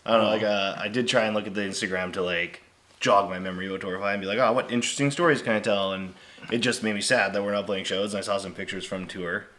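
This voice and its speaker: A man's voice: lowish voice, steady tone, fast, a bit bright. A man chatting casually and wryly with his bandmates on a podcast, joking and trailing off. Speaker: band member on a podcast. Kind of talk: casual chat.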